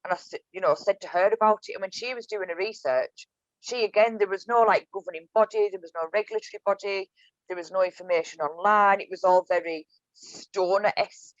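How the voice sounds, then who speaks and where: A woman's voice: mid-range voice, a little fast, no echo, dull audio. A woman with a Cumbrian accent, a guest telling her story in a casual podcast interview, chatty with many restarts. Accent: Cumbrian (Whitehaven). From Cumbria, England. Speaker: guest, business owner.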